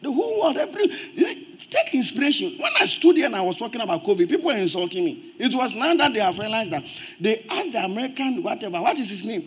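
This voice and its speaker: A Ghanaian-accented male pastor delivers a sermon in church with a notably high voice. He preaches emphatically, pressing his points and swelling into loud, forceful bursts. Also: animated, fast talker. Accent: Ghanaian English.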